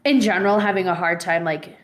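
A woman's voice: lowish voice, quick pace. Chatty woman in casual talk. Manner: chatty, uses lots of "like". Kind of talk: casual chat.

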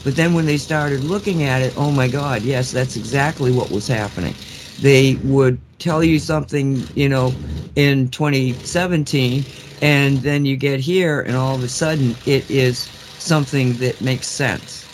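A man's voice: mid-range voice, measured pace, slight background noise. A man with an ordinary mid-range voice co-hosts a radio talk show. He rambles and restarts his sentences as he hunts for the right words, in a loose, conversational way.

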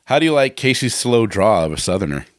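A man co-hosting a casual podcast in an easygoing, chuckling way. His voice is low and his pitch swings widely. The sound is dry and close, with no room echo. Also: big pitch swings, quick pace. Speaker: podcast co-host.

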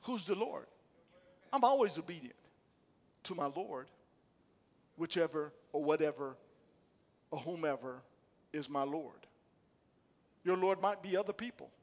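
A man's voice: a little high, expressive, unhurried, pauses often, big-room sound. A male pastor preaching a sermon in church, questioning the congregation and rising to emphatic bursts. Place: church sanctuary.

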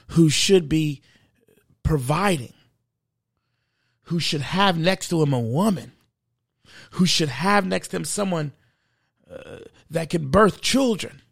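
A man's voice: on the high side, vocal fry, dry recording, clean studio sound. A man hosting a faith podcast, speaking earnestly and emotionally, choked up, building into a preachy delivery. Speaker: podcast host.

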